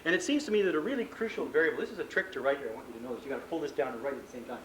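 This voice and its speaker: A man's voice: medium pitch, expressive, racing, fairly bright tone, a little hiss or hum, rough recording. A man giving a live seminar to coaches on sports psychology, talking conversationally, acting out exchanges between coach and athlete, and joking about himself. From Canada. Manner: conversational, acts out coach and athlete dialogue, self-deprecating humor. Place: conference room before an audience.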